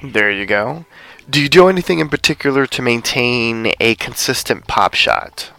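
A man interviewing a guest, asking jokey, measured questions. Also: medium pitch, animated, gravelly, pushed and bright, soft background music.

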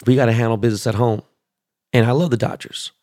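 A man in his forties from Los Angeles, ranting about sports in a blunt, profane, excitable way as a show host. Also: medium pitch, fast, no echo, clean studio sound. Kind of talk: casual sports rant.

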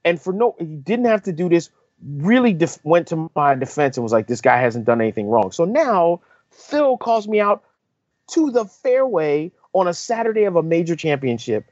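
Animated man telling a golf story. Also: on the high side, moderate pace, no room sound, muffled recording. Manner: animated storyteller, acts out quotes. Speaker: podcast co-host, on-course reporter. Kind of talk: casual storytelling chat.

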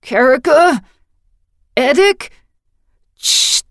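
A woman's voice: mid-range voice, a little slow, no echo, lightly acted. A fretful young warrior, wounded and anxious, as a woman reads him in an audiobook. His voice comes out strained and worried in a dry, close recording. He sounds like he is fighting to keep his fear in check. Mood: frightened.

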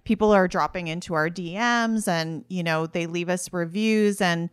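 A woman's voice: fairly low pitch, moderate pace, clear, resonant tone, no room sound, clean studio sound. A woman with a Valley Girl accent, a beauty podcast co-host chatting casually about her work. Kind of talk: casual conversation.

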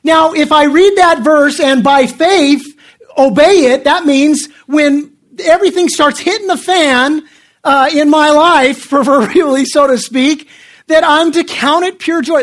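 A middle-aged man with a notably high voice delivers a sermon as a pastor. He talks to the congregation in a loose, conversational way, often stumbling over and restarting his sentences. He leans on self-deprecating stories. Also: a little slow, a bit bright.

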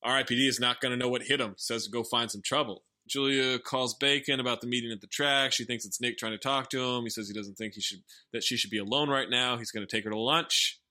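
A man's voice: medium pitch, fairly even intonation, fast talker, pushed and bright. A man hosting a podcast, recapping a movie plot with sardonic, wry asides. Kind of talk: casual movie recap with jokes.

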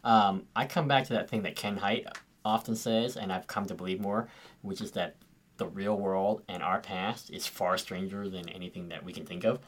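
A man with a very deep, low-pitched voice, chatting casually on a podcast about running tabletop games. He talks in loose, conversational runs and drops in "right" and "you know" a lot. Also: fairly even intonation, normal speed. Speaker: podcast co-host.

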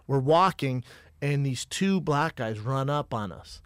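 A young man from Colorado telling a story in a casual chat, animated and profane, acting out the other people's lines. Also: medium pitch, unhurried, clean tone, dry recording.

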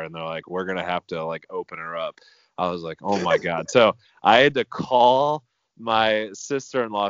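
A man with a low, resonant voice tells a rambling story on a podcast, scattering "like" through his sentences. His voice sounds smooth. The recording is dry and slightly dull. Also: a bit bright, no room sound. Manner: rambling, many "like" fillers. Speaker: podcast co-host. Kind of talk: casual storytelling.

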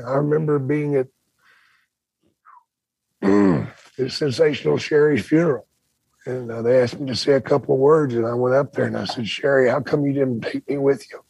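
An older man speaking as a guest, talking bluntly and frankly about dark times. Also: mid-range voice, creaky, slightly rough, no room sound, low-quality recording. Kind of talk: confessional talk.

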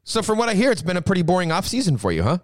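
A man's voice: sits high, wildly swooping pitch, racing, no room sound. Chatty male podcast host, dry sound. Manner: chatty, self-deprecating, laughs easily. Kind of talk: casual interview.

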